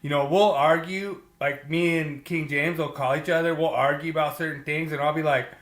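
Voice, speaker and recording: A man co-hosting a casual podcast, chatty and animated as he retells arguments with colleagues. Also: fairly high pitch, normal speed, roomy sound. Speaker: podcast co-host.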